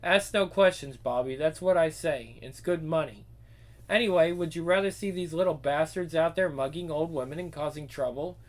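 A man's voice: a little high, moderate pace, close to an everyday voice. Male actor as a brash cynical ex-soldier guard, coarse and confident, film drama. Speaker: film character.

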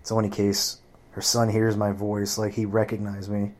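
Profane, animated male storyteller. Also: fairly low pitch, normal speed. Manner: profane, animated, acts out quoted voices. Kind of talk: casual storytelling rant.

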